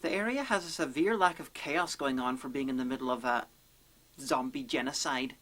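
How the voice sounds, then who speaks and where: A woman narrating a comedic film review in a sarcastic, deadpan, profane manner. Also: a bass voice, moderate pace.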